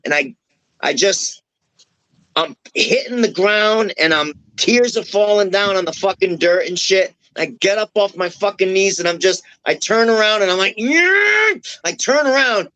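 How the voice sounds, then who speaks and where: This male wrestler, appearing as a podcast guest, sits high in pitch and talks at a moderate pace over poor audio. He tells a lengthy tale full of swearing, performing each line of dialogue with animation.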